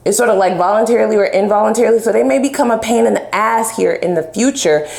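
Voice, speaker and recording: Woman, tarot reader, blunt and profane, gravelly edge, roomy echo. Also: on the high side, fast talker, darkish tone. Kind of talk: casual tarot love reading.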